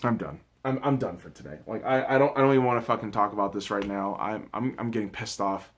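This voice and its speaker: A young man hosting his own hockey review, ranting with lots of swearing and swinging between shouted outbursts and low muttering. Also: fast. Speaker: sports video host. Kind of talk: angry solo hockey game review.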